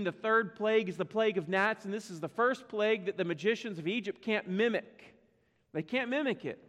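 A man with a notably high voice preaches to his congregation, loose and conversational, dropping teasing asides between points. His words ring out with a long reverb from the church sanctuary. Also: fairly bright tone. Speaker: pastor. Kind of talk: sermon.

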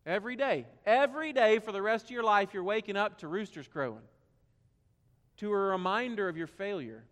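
A man's voice: high voice, lively intonation, a little fast. Southern man preaching in a big hall. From South Carolina. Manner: swings from hushed to loud and emphatic, rhetorical questions. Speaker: pastor. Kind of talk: sermon.

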